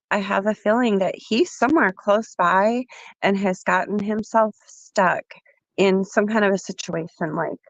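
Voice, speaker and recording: A woman's voice: medium pitch, no echo, highs cut off. A woman calling in to a livestream with a groggy morning voice, talking in a rambling, hesitant way. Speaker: caller on a livestream. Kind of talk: casual call-in chat.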